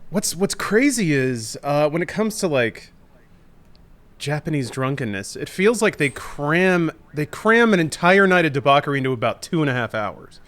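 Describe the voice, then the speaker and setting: A man's voice: on the high side, big pitch swings, normal speed, a bit bright. A man in his thirties co-hosting a podcast, chatting casually and reacting eagerly. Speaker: podcast co-host. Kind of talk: casual chat.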